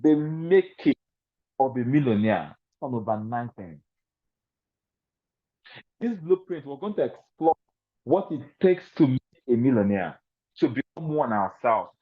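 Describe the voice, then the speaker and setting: A man's voice: medium pitch, expressive, unhurried, long pauses. A man giving a motivational seminar talk to a large audience, speaking in an emphatic, repetitive, preacher-like cadence. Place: large event venue. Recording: tinny, phone-like sound.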